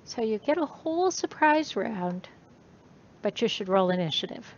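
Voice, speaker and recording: A woman narrating as game master of a tabletop game, unhurried and using many fillers. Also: very animated. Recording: muffled recording with faint rumble.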